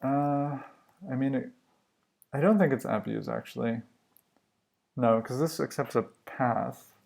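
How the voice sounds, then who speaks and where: Slow, gravelly man thinking aloud. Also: mid-range voice, a little mellow. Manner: musing, halting, self-questioning. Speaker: livestream coder. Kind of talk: thinking aloud while live coding.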